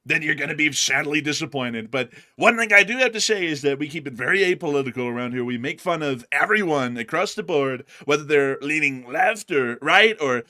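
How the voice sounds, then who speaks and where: Male host, chatty rambler, stammers, bright forward tone. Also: on the high side, expressive, a little fast, hardly any pauses. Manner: rambling, filler-heavy, stammers. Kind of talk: casual chat.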